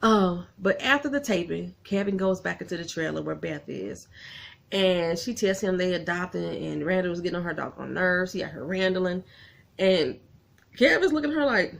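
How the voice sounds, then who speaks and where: Gravelly-voiced woman chatting to viewers. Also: on the low side, moderate pace. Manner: animated, gets emotional and laughs often; folksy, talks straight to viewers. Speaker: vlogger recapping a TV episode. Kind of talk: casual chatty recap.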